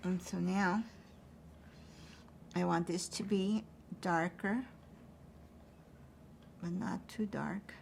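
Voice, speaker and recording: A woman teaching an acrylic painting demonstration, thinking aloud as she paints in a relaxed way. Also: fairly low pitch, very slow, creaky, long pauses, slight background noise.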